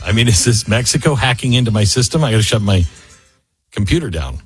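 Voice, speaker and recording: A man's voice: fairly low pitch, sing-song, fast, long pauses, faint music behind. A man hosting a casual commentary monologue, wry and sarcastic, with many fillers and restarts, recorded close in a dry room. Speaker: talk show host.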